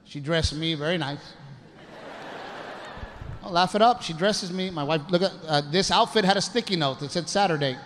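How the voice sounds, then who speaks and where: A man performing a crude, self-mocking stand-up routine on a comedy club stage, telling an animated story. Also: fairly high pitch, moderate pace, pauses often, long reverb tail. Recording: live club recording with audible background noise.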